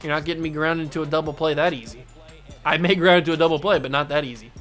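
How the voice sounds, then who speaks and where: With soft music in the background, a man running a gaming channel talks fast in a fairly high voice, narrating his baseball video game with excitement. He chatters to himself and at the game throughout.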